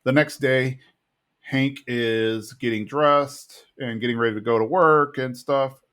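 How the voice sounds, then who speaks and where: A young man co-hosting a chatty podcast, retelling scenes and popping into characters' voices along the way. His voice sits in a middle pitch and moves with the story, and his talk is loose and casual. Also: unhurried, smooth. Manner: animated retelling, acting out characters' lines in raised voices. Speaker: podcast co-host recapping episodes. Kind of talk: casual chat.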